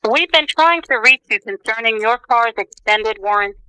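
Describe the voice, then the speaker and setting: A man putting on a high, scripted voice as a pushy robocall telemarketer. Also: animated, moderate pace, pushed and bright, clean tone, no echo, exaggerated voice, poor audio. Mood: salesy.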